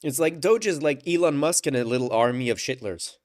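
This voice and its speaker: A man's voice: medium pitch, brisk, a little mellow, no echo. Chill guy hosting a stream, casual chat, dry close sound. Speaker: livestream host.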